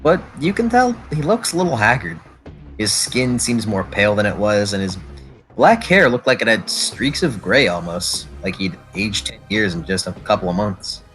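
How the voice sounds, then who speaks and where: A man narrating a tabletop role-play game as its game master, describing scenes with fillers and quick self-corrections. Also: on the low side, sing-song, fairly bright tone, low-quality recording. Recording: faint background music.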